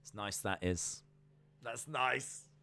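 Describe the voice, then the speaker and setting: A man's voice: medium pitch, takes it slowly, bright, forceful tone, no room sound. A man chatting casually on a live reaction stream, repeating himself often as he talks. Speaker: streamer hosting a watch-along.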